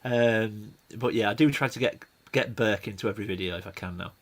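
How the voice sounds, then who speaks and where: A man with a Yorkshire accent chatting casually on a video call about making his toy collecting videos, self-deprecating and relaxed. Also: fairly low pitch, fairly quick.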